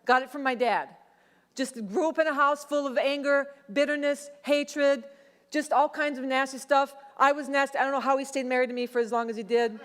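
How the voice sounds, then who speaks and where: A middle-aged woman pastor preaching a sermon, telling a personal testimony in a conversational, animated way. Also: high voice, brisk. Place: church sanctuary. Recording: long church hall reverb.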